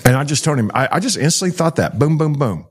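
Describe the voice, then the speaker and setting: His voice is a little high and husky, and he talks fast. He's a middle-aged Texan, founder of a child rescue organization, telling stories in an interview as a lively storyteller who plays out the dialogue he quotes.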